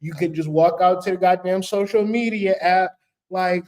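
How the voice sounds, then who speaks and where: Casting: high-voiced man, casual spiritual adviser, blunt, cursing and joking. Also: moderate pace, darkish tone. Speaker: spiritual vlogger. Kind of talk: casual spiritual advice talk.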